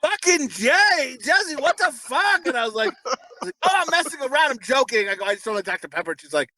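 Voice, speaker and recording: A man's voice: very high-pitched, very animated, rapid-fire, sharp tone, rough recording. A man in his thirties co-hosting a podcast, telling crude stories in a rambling way, full of fillers. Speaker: podcast co-host. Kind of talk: casual podcast banter.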